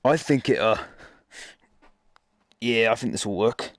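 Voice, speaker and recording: A man chatting through a game in a loose, rambling way, tossing out jokes and then correcting himself mid-sentence. His voice sits at an ordinary middle pitch, and he talks casually to his viewers. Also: measured pace, no echo. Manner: rambling, jokey, self-correcting asides. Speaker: gaming YouTuber. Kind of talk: casual gameplay commentary.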